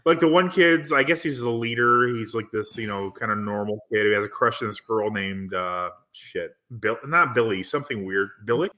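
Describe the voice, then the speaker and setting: A man's voice: fairly low pitch, normal speed, hardly any pauses, sharp tone. A man with the hiccups, chatting casually on a podcast about a movie he watched, rambling with many restarts. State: has the hiccups. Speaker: podcast co-host. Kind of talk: casual chat reviewing a movie.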